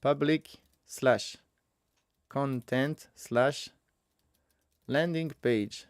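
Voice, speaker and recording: A man's voice: medium pitch, extremely slow, clear, resonant tone, no room sound, studio quality. A man teaching a casual coding walkthrough, thinking aloud as he works, correcting himself and chuckling at his own mistakes. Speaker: web developer teaching a coding tutorial.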